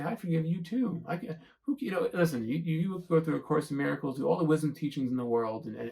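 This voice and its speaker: A man's voice: on the high side, gravelly, darkish tone, rough recording. A man hosting a self-help channel, talking through his thoughts in a rambling, searching monologue and often checking in with the listener. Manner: rambling, searching, keeps asking "right?". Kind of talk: reflective monologue to camera.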